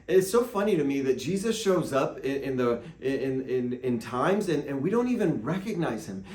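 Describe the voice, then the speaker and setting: A fairly high-voiced man delivers a devotional teaching as a pastor, animated and playful, slipping into quoted voices. His voice rings in a noticeably echoey room. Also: normal speed, hardly any pauses.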